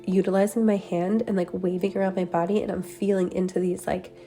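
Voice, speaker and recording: A woman's voice: mid-range voice, little pitch movement, fairly quick, dark tone, soft background music. A woman giving a meditative spiritual transmission, talking in a dreamy, meandering way full of "like" and "um". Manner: dreamy, meandering, many "like" and "um" fillers. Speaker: spiritual channeler. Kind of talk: meditative energy transmission talk.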